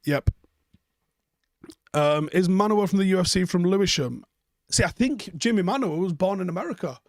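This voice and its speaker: A man's voice: high voice, animated, moderate pace, no room sound, clean studio sound. A man hosting a live stream, chatting casually and bluntly while reading out viewer comments, swearing freely.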